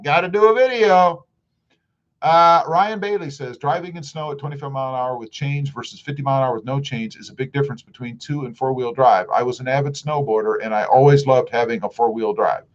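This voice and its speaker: A man's voice: medium pitch, lo-fi sound. A middle-aged man with a Southern US accent, chatting casually on a livestream and reading viewer comments aloud. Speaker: livestream host.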